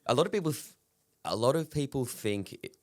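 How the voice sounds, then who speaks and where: A man's voice: mid-range voice, expressive, fairly quick, no echo, studio quality. A man, a comedian chatting candidly on a podcast, swearing freely and laughing between stories. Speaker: comedian guest. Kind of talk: casual podcast chat.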